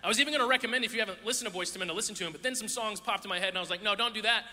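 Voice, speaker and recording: Male preacher, sermon delivery, very bright tone, playful storytelling with voices, echoey hall. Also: high-pitched, very fast, a little hiss or hum. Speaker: youth pastor. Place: church hall with audience.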